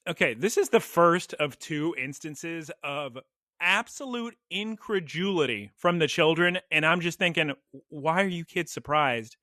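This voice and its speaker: Excitable high-voiced podcast co-host man. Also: measured pace, no echo, clean studio sound. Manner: excitable, jumps into play-by-play and yells attack names. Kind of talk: casual anime recap chat.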